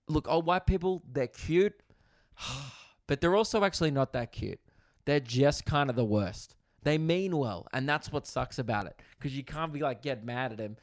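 A man's voice: medium pitch, no room sound, clean studio sound. A young Australian man hosting a comedy podcast, telling crude, profane stories with lots of asides from a hotel room. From Australia, Victoria. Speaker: comedian host.

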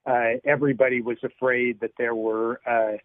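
An older man speaks in a slow, halting, measured way, dotted with fillers. He comes through a thin, tinny phone line with a dry sound. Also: medium pitch, flat delivery, no echo. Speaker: journalist guest. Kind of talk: phone-in radio talk.

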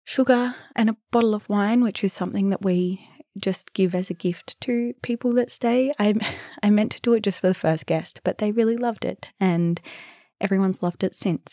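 A young woman hosting a podcast, telling stories in a chatty, animated way and sometimes dropping to a whisper. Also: on the low side, dry recording, studio quality. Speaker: podcast host and B&B owner. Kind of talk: casual storytelling.

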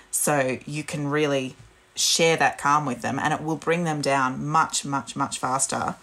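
Woman, 30s, low gentle voice, calm explainer on a parenting chat. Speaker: parenting podcast guest. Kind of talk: casual chat.

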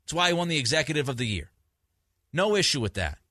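A man's voice: fairly high pitch, sing-song, fast, sharp tone, no room sound, clean studio sound. A man hosting a sports talk radio show, emphatic and grumpy from too little sleep, often restarting his sentences. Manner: emphatic, repeats himself in restarts.

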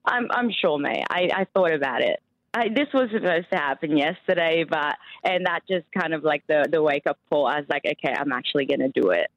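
A woman's voice: low-pitched, moderate pace, no room sound. A woman calling in to a radio show, nervous and apologetic, often stammering. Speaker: caller. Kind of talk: phone call to radio show. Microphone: phone. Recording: dull, dry phone line.

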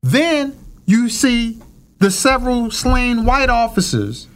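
A man's voice: very high-pitched, very animated, slow, fairly bright tone. A man hosting a casual discussion, earnest and preacherly, building his points with rhetorical questions.

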